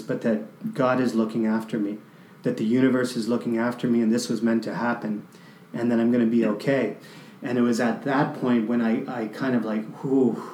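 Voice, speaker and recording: A man from Canada relates a deeply personal story in a mid-range voice with a darkish tone, stopping and restarting as emotion comes through. The recording is noticeably echoey and carries a little hiss or hum.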